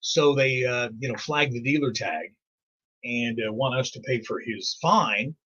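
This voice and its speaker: A man's voice: mid-range voice, unhurried, sharp tone, breathy edge. A middle-aged man hosting a radio morning show, telling rambling stories in casual on-air banter and chuckling often. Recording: muffled lo-fi live stream audio.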